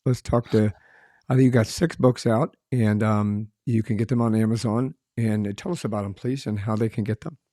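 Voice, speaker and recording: A man's voice: fairly low pitch, fairly even intonation, normal speed, warm tone, dry recording, studio quality. A man hosting a podcast, telling easygoing, rambling anecdotes in conversation. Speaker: podcast host. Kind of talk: conversational interview.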